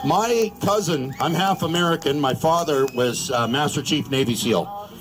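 A man's voice: a little high, normal speed, rough recording. A Canadian man giving a crude, joking, rousing speech at an outdoor rally. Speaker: rally speaker.

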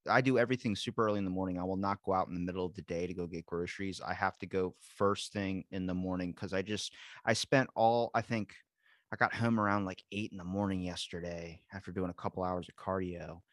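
A man hosting a podcast in casual chat, telling animated stories full of swearing and acted-out quotes. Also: low-pitched, quick pace, no room sound, clean studio sound. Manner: animated storyteller, swears constantly, acts out quotes. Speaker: podcast host.

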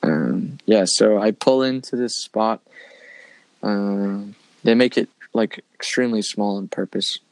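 A young man tells a story in a loose, rambling way and fills his sentences with "like" and "dude". His voice sits on the low side and sounds close and dry, with no room around it. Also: a little slow, a little mellow, no room sound. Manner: rambling, filler-heavy, says "like" and "dude" often. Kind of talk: casual storytelling chat.

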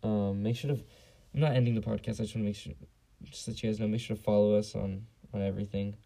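Gravelly, dark-voiced young man ranting. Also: fairly low pitch, fairly even intonation, quick pace, rough recording. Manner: blunt, profane, rambling with many fillers. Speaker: podcast host. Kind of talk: casual solo podcast rant. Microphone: basic home mic.

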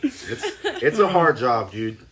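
A young man, a stepdad, telling stories in casual chat, animated and swearing, often laughing. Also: mid-range voice, slow, a crowd in the background.

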